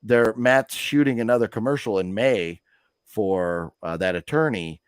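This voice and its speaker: Chatty low-voiced man. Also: animated, a little slow, clear, resonant tone, no room sound, clean studio sound. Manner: rambling, chatty storyteller with many fillers. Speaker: host of a live movie news stream. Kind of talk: casual chat.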